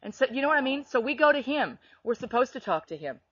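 Bright-voiced woman sharing a faith story. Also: sits high, fast, husky, no echo, dull audio. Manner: animated storytelling with laughs. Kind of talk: faith testimony chat.

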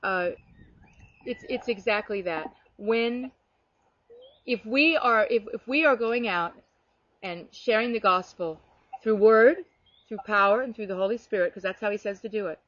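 A woman telling heartfelt stories from her ministry in an animated, earnest way, often restarting her sentences. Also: mid-range voice, normal speed, pauses often, lo-fi sound. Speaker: guest sharing ministry stories. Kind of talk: earnest conversational testimony.

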